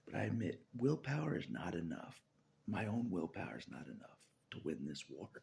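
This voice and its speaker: Brief: man, vlogger, deep gravelly voice, rambling monologue that slips into whispers. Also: very animated, fairly quick, darkish tone, slight background noise. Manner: rambling, laughs often, drops into whispers.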